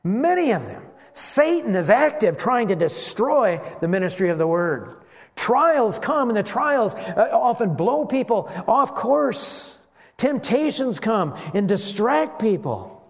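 A man delivers a sermon with a lively, high-pitched voice that swoops up and down. He often slows almost to a halt to stress single words. The sound carries a long reverberant hall tail. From West Michigan. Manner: animated preaching, slows for emphasis. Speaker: pastor.

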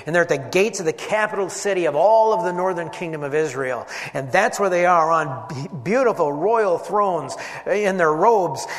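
A man teaching a Bible passage as a sermon, animated, voicing the quoted figures and swinging from loud emphasis to hushed asides. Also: high-pitched. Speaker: preacher. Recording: long hall reverb.

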